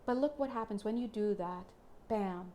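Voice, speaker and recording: A woman doing a casual spiritual card reading for viewers, chatty and excitable, often slipping into playful little voices. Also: medium pitch, normal speed, a little hiss or hum.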